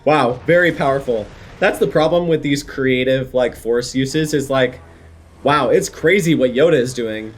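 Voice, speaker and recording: A man's voice: mid-range voice, normal speed. A young adult man co-hosting a reaction video, chatting casually and rambling with enthusiastic fan commentary. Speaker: co-host reacting to a cartoon. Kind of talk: casual chat.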